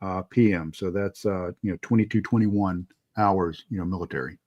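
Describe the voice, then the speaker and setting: A man who is a podcast guest with a military intelligence background, chatting casually and explaining in a measured way with many fillers. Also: low-pitched, dry recording, muffled recording. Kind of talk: casual podcast chat and reading aloud.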